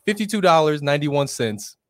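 A man co-hosting a casual live-stream chat, expressive and quick to laugh. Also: on the high side, dry recording, clean studio sound. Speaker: co-host.

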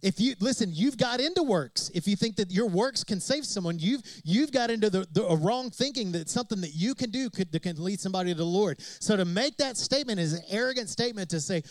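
A male pastor preaches with a high, ringing voice, driving his points home through repetition and rhetorical questions. The sound is dry and close, with almost no room echo. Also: lively intonation, fast, hardly any pauses. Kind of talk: sermon.

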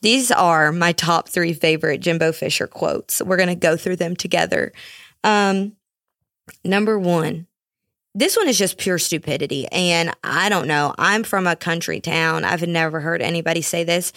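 Young woman host, low voice, dry close mic, sarcastic solo rant, casual. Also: moderate pace, no echo. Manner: sarcastic, animated, mocking asides. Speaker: podcast host.

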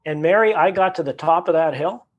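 Animated storytelling Canadian man. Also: fairly high pitch, brisk, dull audio, crowd noise. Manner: animated storyteller who acts out quotes and repeats words. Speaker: guest. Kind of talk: storytelling conversation.

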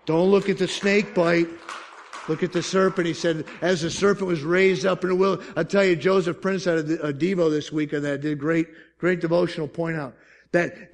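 Gravelly man preaching with swings from loud to hushed. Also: a little high, fairly even intonation, normal speed. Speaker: pastor. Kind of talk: sermon.

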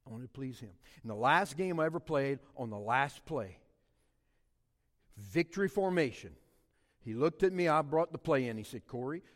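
Animated middle-aged preacher from Louisiana. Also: male voice, moderate pace, big-room sound. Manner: animated, swings from low and quiet to loud passionate peaks. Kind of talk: sermon with personal storytelling.

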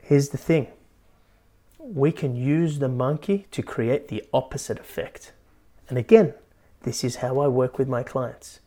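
In an unhurried, medium-pitched voice, this man runs a motivational podcast as a life coach. He's animated and keeps adding "right?" to what he says.

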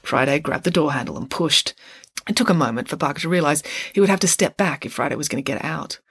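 A woman author reading a chapter of her own story aloud, expressive and playful. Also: sits low, quick pace, creaky, breathy edge, no room sound.

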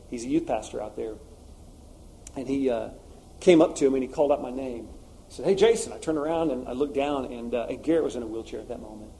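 A man's voice: mid-range voice, mellow, slight background noise. A man preaching a sermon, telling personal stories in an earnest, confessional way with frequent fillers.

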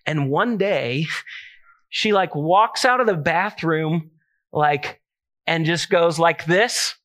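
A man's voice: a little high, slow pace, fairly bright tone. A man preaching a sermon in a casual, conversational way, mixing scripture with self-deprecating family stories. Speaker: pastor.

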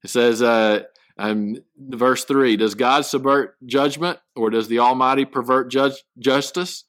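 A man teaching a Bible study, reading verses aloud and then explaining them in halting, casual speech full of restarts. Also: medium pitch, fairly even intonation, a bit bright, dry recording.

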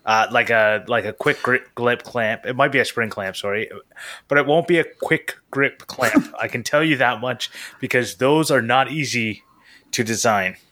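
A man's voice: mid-range voice, moderate pace, pushed and bright. A man co-hosting a casual podcast, speaking hesitantly with many fillers. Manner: hesitant, lots of "like" and "um". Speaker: podcast co-host.

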